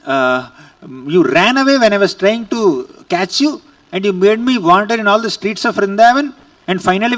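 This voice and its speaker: Guy doing a fed-up scolding mom, high voice, rattling off accusations, sounds a bit far from the mic. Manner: rapid accusing list. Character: scolding mother, exasperated, devoted.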